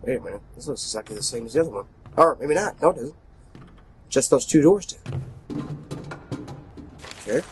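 A man giving casual, excitable commentary while playing a video game, swearing often and sometimes dropping to a whisper. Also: medium pitch, brisk, pauses often, over music. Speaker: gameplay commentator.

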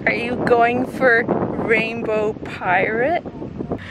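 Brief: middle-aged mom filming in a field, teasing and silly, high voice, slow unhurried delivery, loud outdoor noise on the camera mic. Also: female voice, steady tone. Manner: playful, teasing, hums silly beeps. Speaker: mother filming her daughter. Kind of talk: casual chat while filming. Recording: noisy outdoor camera audio.

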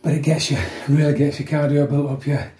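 A man in his fifties talks through a home workout in a casual, easygoing way, dropping "yeah" after almost every line. He keeps his voice low so as not to wake people. He sounds a little distant from the mic, in an echoey room with faint background noise. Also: steady tone, brisk. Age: 50s. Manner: chatty, keeps adding "yeah", talks softly to avoid waking people. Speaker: fitness vlogger.

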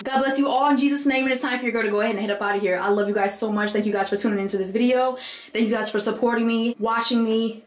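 A young woman vlogging in a chatty, exclaiming way, talking to her viewers as y'all. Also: a little high. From Michigan, USA. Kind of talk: casual chat vlog. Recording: echoey room with faint background noise.

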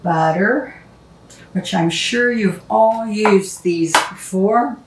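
Slow-talking woman chatting in a kitchen. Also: mid-range voice, background noise. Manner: chatty, rambling anecdotes. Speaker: cooking show host. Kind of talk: casual cooking demonstration with storytelling. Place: home kitchen. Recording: echoey kitchen, mic at a distance. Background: clatter of dishes and utensils.

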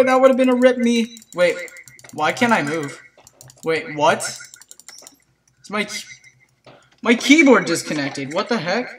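A gameplay commentator chatting to viewers in a let's play, excitable and prone to yelps and shrieks at surprises. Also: medium pitch, measured pace, pauses often, far from the mic, noisy background. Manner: chatty, talks to viewers as "guys".

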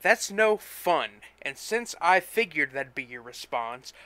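A man reading a story, voicing an excited, swaggering young salesman full of himself. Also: a little high, takes it slowly, clean tone, no echo, voice pushed up, full character voice. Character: brash, boastful young male salesman.

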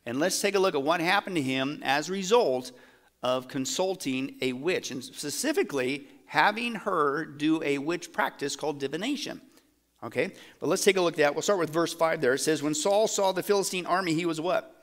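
Male pastor, middle-aged, fairly high voice, lively sermon, quizzes the audience, casual slang. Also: normal speed. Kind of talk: sermon teaching.

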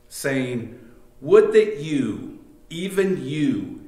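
A man's voice: on the high side, animated, takes it slowly, a little mellow. Man preaching in an echoey church. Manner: conversational preaching with frequent fillers and restarts. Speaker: pastor. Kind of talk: sermon. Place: church sanctuary.

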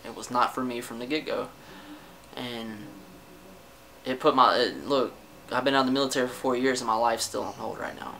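A man's voice: mid-range voice, steady tone, normal speed, gravelly, sharp tone, slight background noise, poor audio. Frustrated, swearing young man venting on camera. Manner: frustrated, defensive, swears often, trails off and restarts. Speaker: vlogger. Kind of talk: casual personal rant to camera. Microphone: camera mic.

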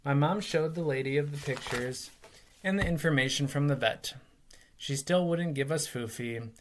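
Expressive man reading a memoir aloud. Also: on the high side, normal speed, noisy background. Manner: lively, expressive storytelling.

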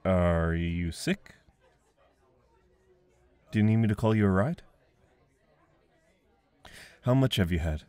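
A man playing a gentle, slow-talking guy at a party. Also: low voice, lively intonation, no echo, a faint crowd. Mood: gentle, teasing. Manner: gentle, coaxing, chuckles often. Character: friendly young man at a party, gentle and teasing. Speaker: audio role-play performer. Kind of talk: audio role-play.

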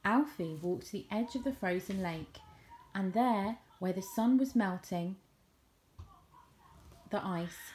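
A woman's voice: medium pitch, takes it slowly, pauses often, darkish tone, slight background noise. A woman reading a picture book aloud. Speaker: storybook reader.

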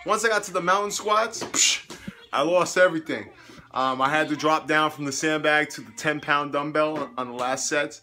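A man's voice: fairly high pitch, unhurried, sharp tone. Upbeat, worn-out man coaching after a workout. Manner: upbeat, chatty, motivational. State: sweaty and tired after a workout. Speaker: fitness coach vlogger. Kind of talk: casual motivational vlog. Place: home living room.

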